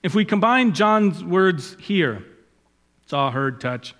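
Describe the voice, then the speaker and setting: A man preaching a sermon, swelling loud and high when he quotes Scripture and dropping low and quiet on asides. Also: animated, takes it slowly. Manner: rises in pitch and volume when quoting Scripture, drops low on asides. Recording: long hall reverb.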